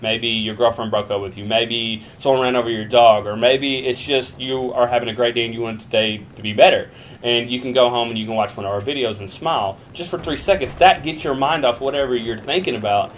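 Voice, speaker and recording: A man's voice: mid-range voice, a little hiss or hum. Rambling young man answering fan questions. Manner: rambling, jokey, swears freely. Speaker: YouTuber answering viewer questions. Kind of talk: casual Q and A vlog.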